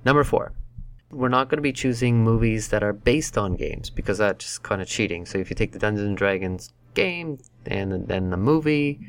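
A man hosts a casual podcast in a fairly low voice. He talks in a laid-back, wry way, setting out the episode's ground rules for his co-hosts. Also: vocal fry. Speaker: podcast host.

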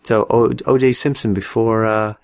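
A man with a fairly low voice chats casually as a podcast co-host. He rambles and restarts his sentences, and slips in dry jokes as he talks through films. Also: fairly even intonation, moderate pace, a little mellow. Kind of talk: casual chat about movies.

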